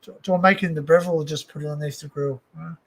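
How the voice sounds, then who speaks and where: A man's voice: a little high, steady tone, rapid-fire, fairly bright tone. A man with an Australian accent hosting a casual home livestream, rambling with lots of fillers and restarts. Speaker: livestream host. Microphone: desk microphone.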